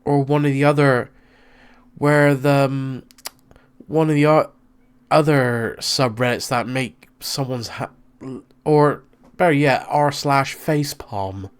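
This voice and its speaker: Slow, halting man reacting. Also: mid-range voice, steady tone, smooth. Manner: hesitant, halting, restarts words. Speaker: co-host reacting. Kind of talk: casual reaction chat.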